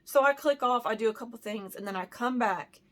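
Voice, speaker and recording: A woman's voice: on the high side, brisk, fairly bright tone. A woman from the United States telling a storytime in a casual vlog, heated and emotional, with lots of "like" and "you know". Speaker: handbag vlogger.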